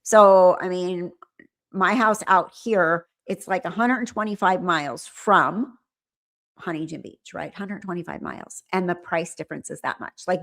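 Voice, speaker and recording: A woman's voice: on the low side, fairly bright tone. A middle-aged woman hosting a livestream, chatting with viewers in a rambling way and often trailing off and restarting. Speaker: livestream host. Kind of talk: casual chat with viewers.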